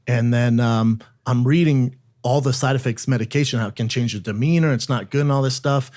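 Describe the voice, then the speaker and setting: A man's voice: mid-range voice, steady tone, brisk, darkish tone. A man on a podcast, telling a personal story in an emotional, profane way. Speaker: podcast guest. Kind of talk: casual chat.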